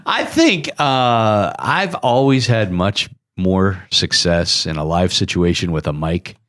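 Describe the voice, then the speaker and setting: A man's voice: sits low, expressive, slow pace, fairly bright tone. A man co-hosting a casual podcast, joking and teasing the others.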